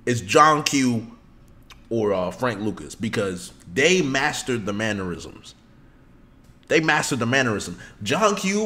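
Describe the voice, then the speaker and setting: Excitable slangy male streamer. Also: medium pitch. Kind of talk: casual live-stream chat.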